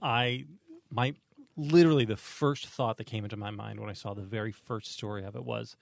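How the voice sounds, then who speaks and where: A man in his forties co-hosting a podcast with wry, deadpan jokes. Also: lowish voice, fairly quick, gravelly, no room sound. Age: 40s. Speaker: podcast co-host. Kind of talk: casual chat. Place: podcast booth.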